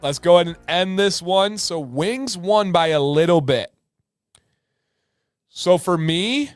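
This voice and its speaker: A talkative man hosting a livestream, upbeat and energetic, who repeats words when he wants to stress them. His voice sits a little higher than most men's. The sound is dry and close, with faint music behind him. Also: slow pace, long pauses, no echo. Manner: energetic and chatty, repeats himself for emphasis. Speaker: livestream host. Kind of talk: casual livestream chat.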